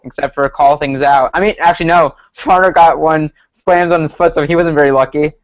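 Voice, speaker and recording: A man with a slightly high voice talks earnestly and sometimes hesitantly in a casual recap chat. His mic sounds muffled and lo-fi. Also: steady tone, fairly quick. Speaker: podcast co-host.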